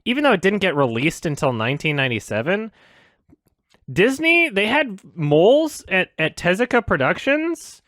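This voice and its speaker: A man hosting a reaction video, ranting in an exasperated, sweary way, swinging between loud outbursts and low sarcastic muttering. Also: big pitch swings, moderate pace, no echo, clean studio sound. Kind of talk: ranting commentary.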